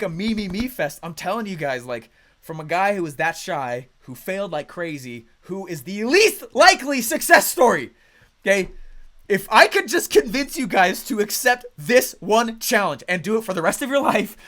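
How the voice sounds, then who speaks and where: High-voiced, punchy male coach. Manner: energetic and emphatic, with loud bursts; quick, conversational storytelling with restarts. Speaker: business coach. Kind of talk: motivational coaching talk.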